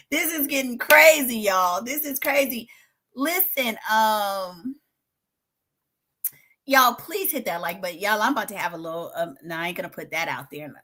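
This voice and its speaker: Middle-aged lady doing a live show from her bedroom studio, bright voice, yelps n laughs then goes quiet. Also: a little high. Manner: dramatic, exclaims and laughs loudly, swings from shouting to hushed. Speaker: livestream host covering a trial. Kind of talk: excitable live commentary. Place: home studio in a spare bedroom.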